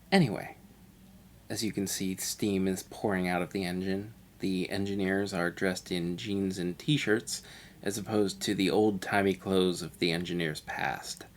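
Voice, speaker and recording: A man's voice: deep voice, vocal fry. A man giving a parody audio commentary over a video, pompous, self-satisfied and absurd. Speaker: mock film commentator.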